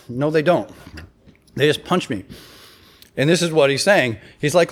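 A man preaching in a relaxed, conversational way. His voice sits at an everyday middle pitch. He reads scripture aloud and slips into the speakers' lines as he goes. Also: brisk, pauses often. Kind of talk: sermon.

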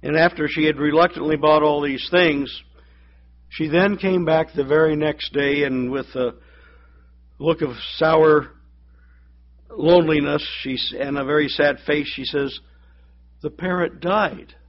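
A man's voice: fairly high pitch, fairly even intonation, unhurried, muffled recording. A man preaching a sermon, telling a joke and doing the voices of the people in it. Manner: storytelling, acts out voices in the joke. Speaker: pastor.

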